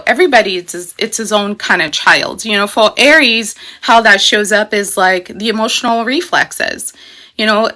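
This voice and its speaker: Bright, emphatic woman astrology host. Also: medium pitch. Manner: chatty and emphatic, with frequent "you know" and "okay?". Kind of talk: casual explanatory livestream talk.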